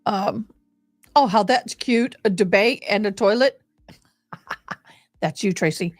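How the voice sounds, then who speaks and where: A woman's voice: mid-range voice, takes it slowly. A woman chatting casually and affectionately as she hosts a live stream fundraiser, gushing over details while showing a game.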